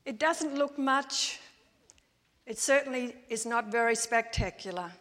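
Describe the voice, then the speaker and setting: A woman preaching a sermon in a church, in a measured storytelling way. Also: a little high, fairly bright tone. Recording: long church-hall reverb.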